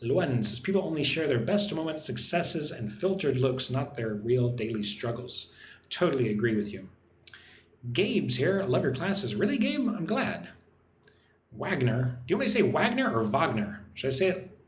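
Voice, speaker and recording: A man from Texas hosting a live online English lesson, reading out viewers' chat comments and explaining words slowly, often checking in with "right?". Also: mid-range voice, sing-song. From Texas, United States. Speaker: English teacher hosting a livestream. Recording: roomy echo with faint background noise.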